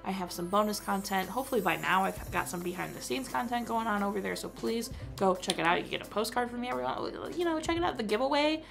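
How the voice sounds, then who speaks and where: A woman's voice: medium pitch, animated, fast talker, creaky, hardly any pauses. A young woman chatting casually as she reviews a movie for her vlog, filling her talk with "like.". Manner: chatty, full of "like" fillers.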